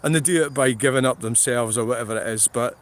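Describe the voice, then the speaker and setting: Out in a field, a middle-aged vlogger from Scotland runs a rambling livestream, speaking bluntly with swearing and plenty of laughter. He talks at a quick pace in a mid-range voice.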